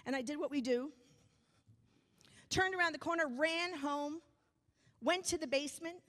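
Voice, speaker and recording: A woman from New York giving a motivational speech, telling a personal story with comic timing and dramatic pauses. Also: high voice, fairly bright tone. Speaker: motivational speaker. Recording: long hall reverb.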